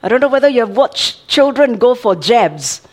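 This older woman preaches with a fairly high voice, speaking informally as she talks a congregation through a reading. She often turns to her listeners for agreement and laughs along the way. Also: lively intonation, normal speed, darkish tone. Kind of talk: sermon.

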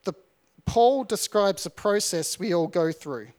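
A man's voice: high voice, expressive, a little slow, a little mellow. A man preaching a sermon in an earnest, storytelling way, sometimes repeating words.

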